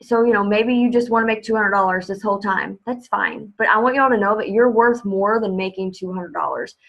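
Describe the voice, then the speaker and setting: A woman's voice: medium pitch, a little fast, vocal fry, a bit bright, lo-fi sound. Chatty young woman on a video call. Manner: upbeat, chatty, lots of filler "like" and "you know". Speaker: team leader. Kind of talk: motivational video call talk.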